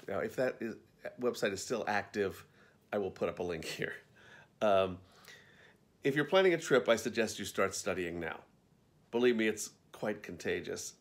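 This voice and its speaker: A man reading his own backstage memoir aloud as an audiobook, telling it in a wry, conversational way. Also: lowish voice.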